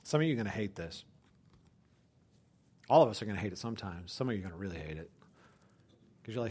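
Husky guy preaching, gets loud and punchy then drops way down quiet, chatty with the crowd. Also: on the low side, lively intonation, fast, pauses often. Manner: swings from loud emphatic preaching to hushed, near-whispered lines; conversational, talks to the congregation as "you guys". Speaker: pastor. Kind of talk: sermon.

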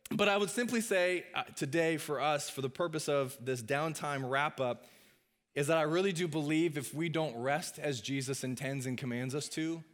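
A man preaching a sermon in a chatty, conversational way, often pausing on filler sounds and making quick asides to the congregation. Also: a little high. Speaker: pastor.

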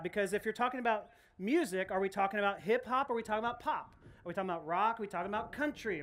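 A woman pastor preaching a sermon, telling a story in a lively, animated way with frequent restarts. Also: medium pitch, slight background noise. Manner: animated storytelling, laughs often, many restarts.

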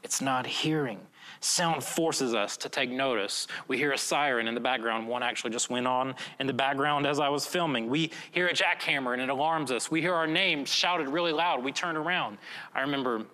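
A man's voice: medium pitch, normal speed, bright, forceful tone. Earnest man preaching in a reverberant hall. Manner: earnest, conversational preaching with frequent "right?" asides. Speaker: pastor. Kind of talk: filmed video sermon.

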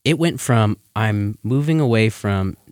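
Earnest low-voiced man in a dry room. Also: expressive, measured pace, a little mellow, no echo. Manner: earnest, lots of "you know" fillers. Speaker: guest. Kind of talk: casual chat.

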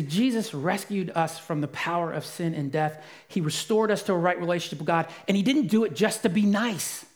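A man preaching a sermon as pastor, earnest and emphatic, dropping to a soft voice for quiet moments. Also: sits high.

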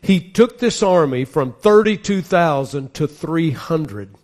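A pastor delivers a sermon in an earnest, emphatic way, leaning into scripture as he reads it aloud. His voice sits somewhat high for a man. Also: animated, takes it slowly, darkish tone.

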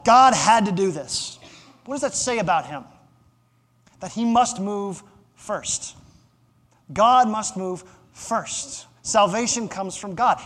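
A man preaching a sermon as pastor, emphatic, repeating phrases for stress and asking the congregation to fill in words. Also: high voice. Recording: long hall reverb.

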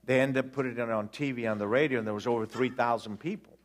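A man in his sixties preaching a storytelling sermon, animated and acting out the dialogue while joking with the congregation. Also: medium pitch, fast talker.

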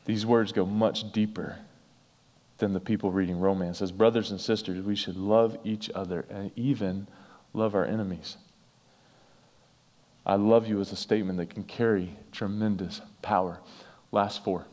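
Man, pastor, earnest sermon, emphatic repetition, slightly low voice, long church reverb. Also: fairly even intonation, moderate pace, a little mellow. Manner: earnest, emphatic, repeats phrases for effect. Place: church sanctuary.

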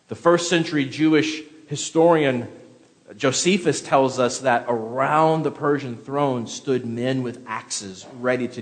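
Man preaching in a reverberant hall. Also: mid-range voice. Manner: conversational, asks listeners to follow along in the text. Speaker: pastor. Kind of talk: expository sermon with scripture reading.

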